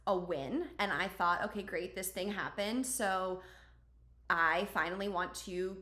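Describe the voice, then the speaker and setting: A woman's voice: on the low side, a little slow, pushed and bright. Woman podcast host, casual and chatty, lots of fillers, echoey room. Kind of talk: casual conversational storytelling.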